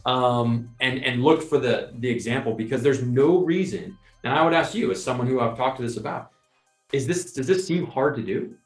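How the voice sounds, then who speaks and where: A man hosts a podcast and talks through his points as lively, acted-out scenes, slipping into quoted voices. His voice sits at a middle pitch. The room sounds echoey, with faint music underneath. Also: moderate pace. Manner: animated, explains with imagined scenes and quoted asides. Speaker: podcast host. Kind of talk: casual storytelling chat.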